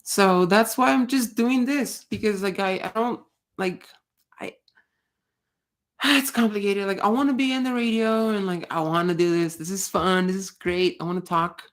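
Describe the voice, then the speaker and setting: This livestream host speaks in a mid-range voice with a steady tone at normal speed. Her chat is a casual rant, blunt and full of swearing, wandering along with restarts.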